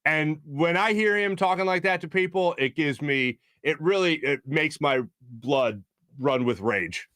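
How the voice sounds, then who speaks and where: A man's voice: on the high side, fairly bright tone, no echo, studio quality. A man hosting a sports talk show, ranting in a heated, exasperated way and often mimicking other people. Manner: heated, exasperated, quotes people in mock voices. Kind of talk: opinionated sports talk rant.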